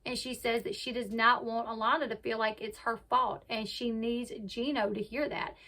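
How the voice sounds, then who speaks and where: A woman's voice: on the high side, little pitch movement, normal speed, sharp tone. A woman casually retelling a reality show episode, acting out the quotes as she goes. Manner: chatty retelling, acts out quotes. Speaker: reality TV recap host. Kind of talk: casual recap narration.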